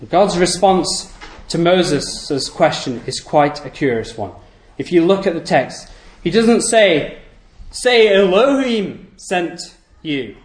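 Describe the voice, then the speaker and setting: A man's voice: on the high side, lively intonation, slow. A man preaching a sermon to a congregation, asking rhetorical questions and repeating key phrases for emphasis. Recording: echoey room.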